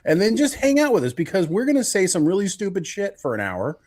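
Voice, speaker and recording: A man's voice: high-pitched, huge pitch swings, quick pace, darkish tone. A man co-hosting a casual podcast, joking around and swearing casually. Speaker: podcast co-host. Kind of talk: casual live podcast chat.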